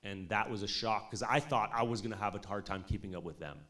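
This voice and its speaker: Male, thirties, low-ish voice, casual talker with lots of filler words and cursing. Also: fast. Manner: animated, swearing, lots of "like" and "you know". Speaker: music producer speaking at an industry showcase. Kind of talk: casual storytelling talk.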